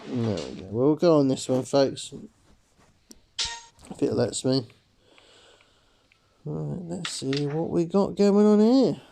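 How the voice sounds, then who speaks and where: A man's voice: fairly high pitch, lively intonation, slow pace, creaky, pauses often, dark tone, a little hiss or hum, poor audio. A man hosting a slot game video, rambling casually to viewers with lots of "sort of" fillers and calling them folks. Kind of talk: casual gameplay commentary.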